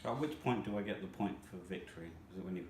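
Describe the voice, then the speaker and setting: A man's voice: low-pitched, fast, darkish tone, a little hiss or hum. A man playing a board game, joking and mocking himself in casual chat. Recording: echoey room.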